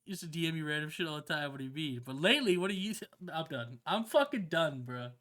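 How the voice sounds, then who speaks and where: Slangy streamer chatting w/ chat, swears a bunch, voice jumps all over, kinda bright. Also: medium pitch, fast talker. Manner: slangy, swears a lot, keeps saying "bro"; emotional and excitable, often laughing. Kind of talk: casual livestream chat with viewers.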